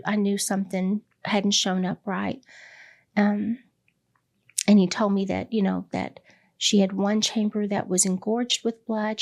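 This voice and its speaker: A middle-aged woman, a hospice director, candidly telling a personal story in an interview, pausing often with fillers. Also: mid-range voice, a little mellow. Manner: candid and reflective, with many pauses and fillers.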